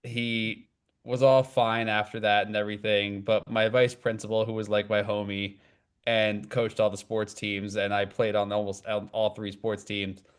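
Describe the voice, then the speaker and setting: A man's voice: lowish voice, flat delivery, moderate pace, clear, resonant tone. A man co-hosting a podcast, telling a rambling story in casual chat with many restarts. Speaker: podcast co-host.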